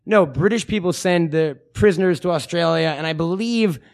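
A man's voice: fairly high pitch, normal speed, vocal fry. A young man co-hosting a podcast, rambling and mocking in crude, swear-filled comic chat. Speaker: podcast co-host.

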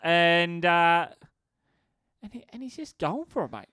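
A man's voice: fairly high pitch, lively intonation, measured pace, bright, forceful tone, smooth, no echo, clean studio sound. A young man co-hosting a podcast, talking casually, swearing, laughing and telling stories, with "mate" in every other sentence. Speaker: podcast co-host. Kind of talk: casual chat.

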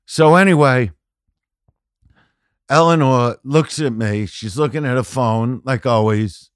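A man's voice: medium pitch, slow pace, dry recording, clean studio sound. Profane, rambling man telling stories. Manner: profane, rambling, full of "you know"; animated, often shouting punchlines. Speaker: podcast guest. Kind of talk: casual storytelling chat.

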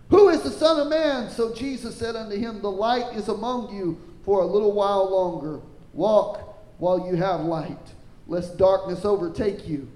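This low-quality, roomy recording captures a man preaching: he reads scripture aloud and breaks off to ask if the audience understands. Animated throughout, he lifts his pitch when quoting scripture and addresses questions to the congregation.

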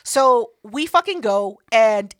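A woman's voice: on the high side, expressive, takes it slowly, fairly bright tone, no room sound. A woman hosting a podcast in casual chat, telling a party story with lots of swearing and acting out other people's lines. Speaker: podcast host.

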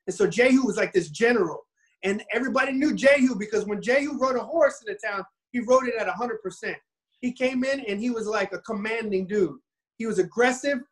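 A man casually retelling a Bible story in an animated, rambling way, often restarting his sentences. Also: sits high, moderate pace, low-quality recording.

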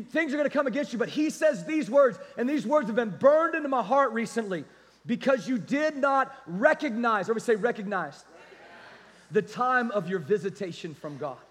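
A man preaching a sermon as pastor, energetic and calling out to the congregation. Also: very high-pitched, long reverb tail.

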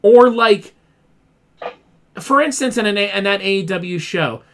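A man's voice: high-pitched, lively intonation, a little slow. A man co-hosting a casual wrestling podcast, ranting with exasperation and mimicking fans in quoted voices. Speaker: podcast co-host.

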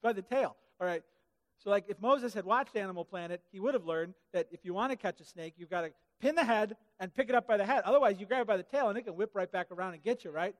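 A man preaching a sermon in a church hall, animated and comic, acting out the Bible characters in funny voices. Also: high-pitched, fast. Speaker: pastor. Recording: hall reverb.

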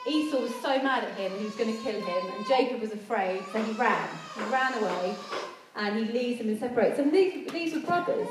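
Woman preacher, conversational sermon delivery, slightly high voice, distant mic with faint noise. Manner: earnest, conversational, acts out quoted voices. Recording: echoey hall, speaker far from mic.

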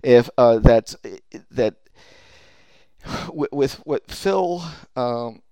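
A man's voice: medium pitch, expressive, very slow, warm tone, smooth, dry recording, clean studio sound. A man hosting a podcast, rambling through a profane rant full of fillers and restarts. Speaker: podcast host.

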